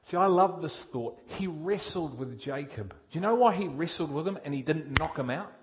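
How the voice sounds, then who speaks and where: At normal speed and with a voice on the high side, a man preaches energetically and directly. He quizzes his listeners and swings between booming emphasis and quiet intensity.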